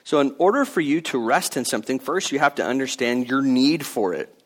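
A man's voice: mid-range voice, expressive, brisk. A man in his thirties preaching a sermon in an earnest, conversational way, with casual asides. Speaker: pastor.

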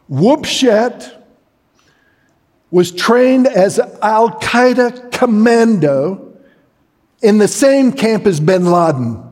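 A middle-aged man preaching a sermon, telling a story dramatically and shouting at its peaks. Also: high-pitched. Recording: long hall reverb.

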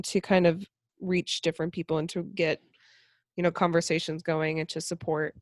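A woman's voice: fairly low pitch, gravelly, darkish tone, dry recording, clean studio sound. A young woman co-hosting a podcast, chatting casually and supportively. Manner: supportive, frequent agreeing murmurs. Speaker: podcast co-host. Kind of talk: casual chat.

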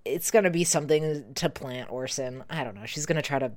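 A woman's voice: rumbling low, brisk, a little mellow. A woman co-hosting a podcast, recapping a TV show in casual, rambling chat that often trails off. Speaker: podcast co-host.

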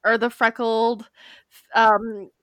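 Slow-talking emotional woman co-host. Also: fairly high pitch, no echo. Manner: emotional, expressive, laughs often. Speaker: podcast co-host. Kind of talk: casual chat.

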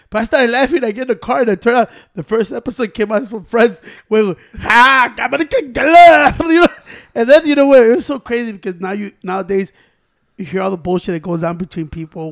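A young man telling stories in casual chat among friends, animated and profane, often laughing as he talks. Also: high-pitched.

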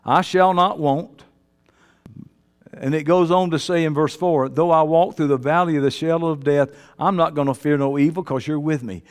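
High-pitched preacher in an echoing hall. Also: male voice, fairly even intonation, moderate pace, clean tone. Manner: preaching with swings between shouting and quiet asides; folksy, colloquial speech. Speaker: pastor. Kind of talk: sermon.

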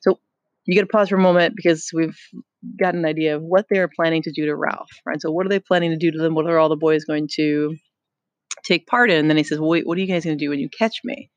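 A teacher reading a novel aloud, pausing to explain and pose questions to the listener. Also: medium pitch, fairly even intonation, dry recording, highs cut off. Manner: explains and poses questions to the reader.

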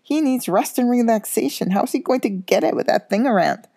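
A woman's voice: a little high, lively intonation, brisk, creaky, dark tone, voice pushed up. Woman voicing a grumbling teenage wizard boy. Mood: indignant. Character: boy, young wizard, complaining.

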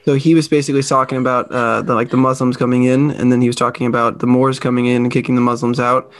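An American man co-hosting a podcast, telling a travel story in a lively, casual way and acting out the people in it. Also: mid-range voice, fast talker. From United States. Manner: animated storyteller who acts out quoted people. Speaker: podcast co-host.

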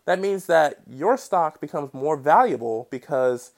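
A man hosting a casual solo podcast who explains his topic in a chatty, digressive way with jokey side remarks. He swings between loud bursts and quiet muttered comments. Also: a little high, expressive, measured pace. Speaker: podcast host.

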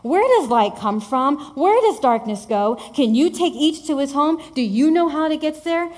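Woman playing God, stern male voice, sassy, demanding, rapid questions, slightly high. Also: animated, a little mellow. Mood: commanding.

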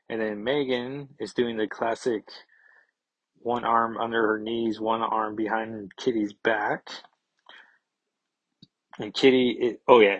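A man's voice: medium pitch, fairly bright tone, slightly rough, dry recording, low-quality recording. A man giving a casual, rambling comic book review with chatty asides and frequent fillers.

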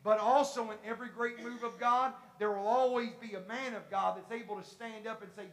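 A Pentecostal preacher giving an impassioned sermon, repeating phrases, rising to shouts, and acting out voices from the congregation. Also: mid-range voice, steady tone, brisk, hardly any pauses, roomy sound. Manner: repetitive, acts out congregation voices. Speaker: pastor.

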